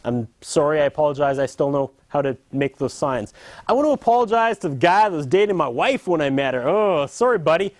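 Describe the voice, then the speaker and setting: A man's voice: on the high side, animated, a little fast, dry recording. A man in his thirties delivering a sarcastic, mock-apologetic comedy monologue as host.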